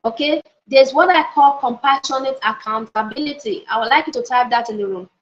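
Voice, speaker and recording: A woman's voice: high-pitched, fairly quick, a little hiss or hum. A woman pastor giving a motivational teaching session, emphatic, often repeating key phrases and checking in with her listeners. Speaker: pastor and life coach. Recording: dull lo-fi audio.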